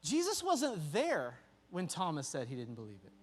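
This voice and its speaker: A man, preaching a youth sermon and telling stories with lively acted-out voices. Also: a little high, normal speed, breathy edge. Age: 30s. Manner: lively storytelling, acts out voices. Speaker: youth pastor. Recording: echoey hall with music behind.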